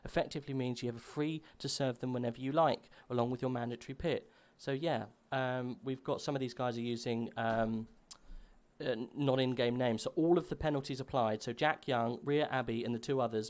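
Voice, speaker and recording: A man's voice: mid-range voice, a little fast. Man calling a sim race. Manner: chatty and relaxed before the start, louder and excited calling the race. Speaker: lead sim racing commentator. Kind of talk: live esports race commentary.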